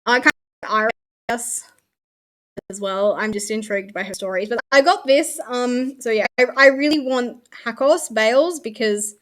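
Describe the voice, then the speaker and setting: A woman's voice: on the high side, moderate pace, a bit bright. Chatty Australian woman streamer. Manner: chatty, swears casually, trails off mid-sentence. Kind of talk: casual chat while unboxing.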